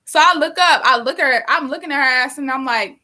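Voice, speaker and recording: Animated, bright-voiced young woman rambling. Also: high voice, fast. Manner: animated, profane, rambling with many fillers. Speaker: live-streaming painter. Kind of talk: casual storytelling.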